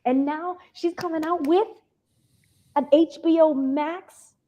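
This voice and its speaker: A woman from Miami co-hosting a casual talk show, chatty and animated as she tells a story. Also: high-pitched, takes it slowly, muffled recording.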